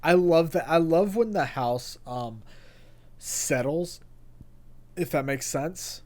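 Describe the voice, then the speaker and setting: A young man co-hosting a casual podcast chat, excitable and rambling, often restarting his sentences. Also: on the high side, slow. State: hiccups. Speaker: podcast co-host.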